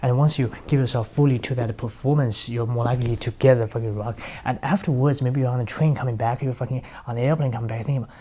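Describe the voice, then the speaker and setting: A man's voice: mid-range voice, fairly even intonation, fast, mellow. A man giving a casual motivational monologue, talking bluntly with heavy swearing and acting out little scenes. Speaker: speaker.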